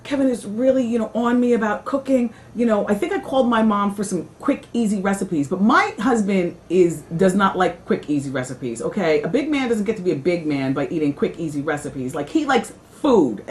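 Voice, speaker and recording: A woman's voice: on the low side, sing-song, normal speed, few pauses. A middle-aged woman hosting a talk show, chatting candidly and rambling, her talk full of "you know" and "like". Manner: candid, dramatic storytelling. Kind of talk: casual after-show chat.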